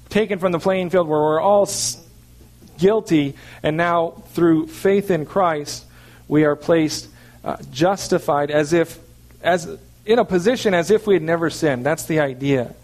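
A man preaching a sermon, explaining scripture in an earnest teaching manner and checking in with his listeners. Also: fairly high pitch. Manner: earnest teaching with frequent "okay" check-ins. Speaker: pastor.

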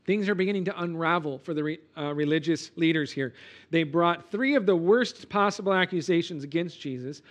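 A male pastor giving an expository sermon, animated and emphatic, often checking in with "okay?" and "right?". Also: a little high, brisk, lo-fi sound. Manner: animated, emphatic preaching with frequent "okay?" asides.

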